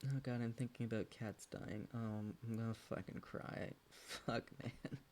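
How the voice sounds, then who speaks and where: A young male streamer chats casually while gaming, rambling loosely, cursing freely, laughing between thoughts, and talking to both his pet and his viewers. His mid-range voice is steady and darkish, at a measured pace, with a little hiss or hum.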